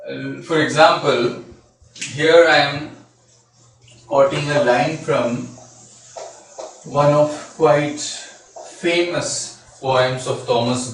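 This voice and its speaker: Slow, echoey male lecturer explaining a poem. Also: mid-range voice. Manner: slow and deliberate, with frequent "uh" fillers. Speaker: literature lecturer. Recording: very echoey room, distant mic.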